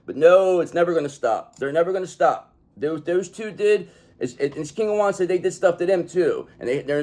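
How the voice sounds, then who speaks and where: A man giving a tarot reading in an emphatic, profane manner, often checking in with "okay?". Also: fairly high pitch. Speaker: tarot reader.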